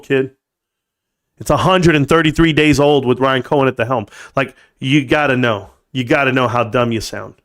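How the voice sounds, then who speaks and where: A man in his forties runs a live stream, ranting sarcastically and swearing freely in a casual, animated way. His voice sits at a medium pitch.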